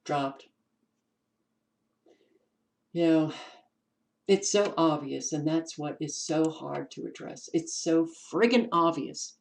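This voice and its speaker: A woman with a New York accent hosts her own channel, casually commenting as she reads from documents. Her low voice has vocal fry, the recording is rough, and she speaks unhurriedly with many ums, pausing and restarting words.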